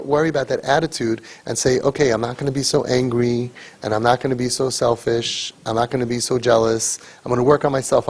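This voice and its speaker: Husky man lecturing a group earnestly. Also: on the high side, a little mellow. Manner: earnest, emphatic, with repeated rhetorical questions. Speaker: parent crisis coach leading a sibling training group.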